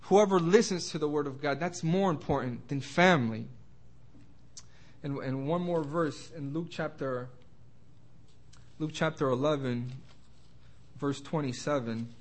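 A young man teaching an informal Bible study sermon, stumbling over words and restarting often, slowing down to stress quoted scripture. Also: fairly high pitch. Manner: halting, many restarts and repeated words.

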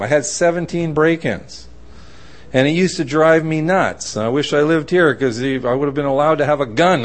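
Guy preaching, kinda high voice, acts out little voices in his stories. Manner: animated storytelling, acting out voices. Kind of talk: sermon.

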